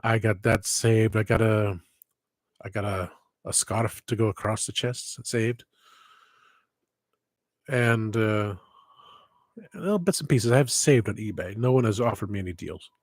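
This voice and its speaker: Unhurried and fairly low-pitched, with long pauses, the man hosts a casual livestream on a headset, no echo. His talk meanders off topic, he interrupts himself, and wistful asides creep in.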